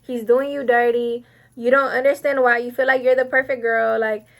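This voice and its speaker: A woman's voice: fairly high pitch, level tone, normal speed, creaky. A young woman chatting casually while doing her makeup, rambling and getting sidetracked as she gives advice. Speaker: beauty vlogger. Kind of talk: casual get-ready-with-me chat.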